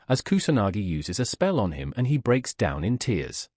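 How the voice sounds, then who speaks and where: A man narrating a comic story recap in a brisk storytelling manner. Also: lowish voice, huge pitch swings, darkish tone, husky, no room sound, clean studio sound.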